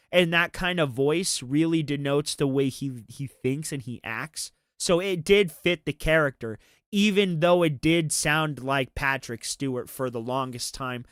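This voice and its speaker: A man's voice: fairly high pitch, fairly bright tone, clear, resonant tone, no echo, clean studio sound. Rambling, cursing male streamer. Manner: rambling, profane, frequent restarts. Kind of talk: casual commentary chat.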